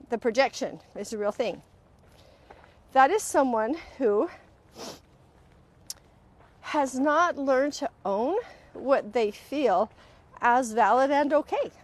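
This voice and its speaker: Expressive woman hosting a live stream. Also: on the high side. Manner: animated, acts out quoted voices mid-sentence; earnest, directly addresses viewers. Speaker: host. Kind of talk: live-stream talk on emotional healing. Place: at home, on a live video stream.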